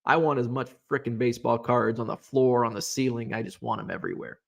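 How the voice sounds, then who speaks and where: A man's voice: mid-range voice, fairly even intonation, fast talker, creaky. A man hosting a casual live stream about sports cards, chatting loosely and answering viewer comments with lots of fillers and restarts.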